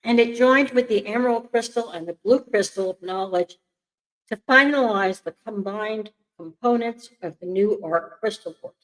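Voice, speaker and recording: An older woman reads aloud over a call, often stumbling over words and stopping to explain herself in a chatty way. She talks at an ordinary, middle pitch. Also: low-quality recording. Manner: reads haltingly, coughs, apologizes, chatty asides. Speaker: co-host reading aloud. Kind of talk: casual reading and chat.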